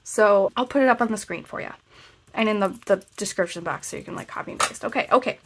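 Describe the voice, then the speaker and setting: A woman's voice: mid-range voice, fast talker, background noise. A woman with a stuffy, congested nose chatting casually as she reviews a planner and reads parts of it aloud. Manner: chatty, frequent restarts.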